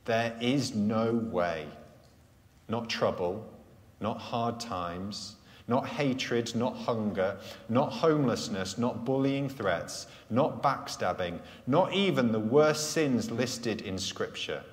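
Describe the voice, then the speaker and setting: A man preaching a live sermon at a Sunday church gathering, earnest, letting key phrases fall soft and low. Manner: earnest, slows and drops softly on key phrases. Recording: echoey church hall sound.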